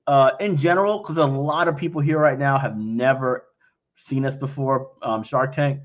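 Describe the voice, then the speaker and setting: A man's voice: medium pitch, normal speed. Blunt, frank man on lo-fi audio. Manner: blunt and frank, acts out quoted exchanges. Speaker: company founder answering investor questions. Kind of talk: casual livestream Q&A.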